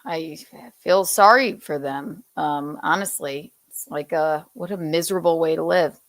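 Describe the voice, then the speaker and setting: A woman from the American South takes her time through celebrity gossip, drawling out her words at an unhurried pace. Her manner is loose and chatty, and she laughs often. The sound is close and dry, with no room ring. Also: low voice, no room sound. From Southern United States. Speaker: podcast host. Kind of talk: casual pop-culture chat.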